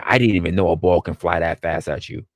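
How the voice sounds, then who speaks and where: Deep gravelly man telling jokey stories. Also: steady tone, quick pace. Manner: joking, rambling storyteller. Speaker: panel participant. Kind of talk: casual live-stream chat.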